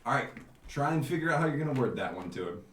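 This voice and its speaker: Laughing game master with lively pitch. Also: male voice, fast, slight background noise. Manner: laughing, loose and joking. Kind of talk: running a tabletop game. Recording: roomy sound from a distance.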